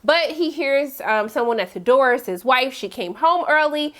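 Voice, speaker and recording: Female host, high register, animated and playful, casual episode-recap commentary. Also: normal speed. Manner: chatty and animated, with big pitch swings and playful asides.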